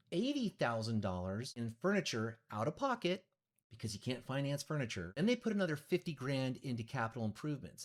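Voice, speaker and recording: Middle-aged man, real estate agent, blunt storytelling, lively pitch, monologue to camera.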